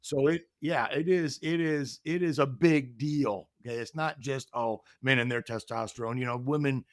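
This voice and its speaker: A man's voice: medium pitch, steady tone, normal speed, dry recording, studio quality. A middle-aged man telling a candid personal story as a podcast guest, earnest and reflective, voicing the people in it. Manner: earnest, reflective, acts out quoted dialogue.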